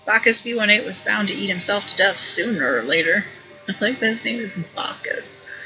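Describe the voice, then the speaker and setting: Bright-voiced woman reading a story game. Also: mid-range voice, lively intonation, normal speed, faint music behind, poor audio. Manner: wry and playful, comments as she reads. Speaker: streamer playing an interactive story. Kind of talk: reading an interactive story aloud.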